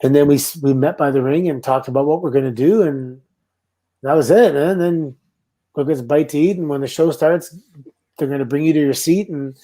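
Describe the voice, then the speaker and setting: Man, from Canada, middle-aged, mellow tone, casual anecdotes. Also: on the high side, brisk. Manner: relaxed anecdotal storytelling with laughs and quoted voices. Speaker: guest, former pro wrestler. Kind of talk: casual storytelling interview.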